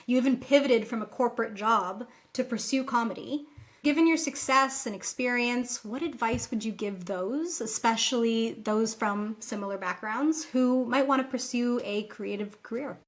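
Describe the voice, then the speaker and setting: A woman interviews a guest, putting measured questions to him. Her voice sits a little high for a woman.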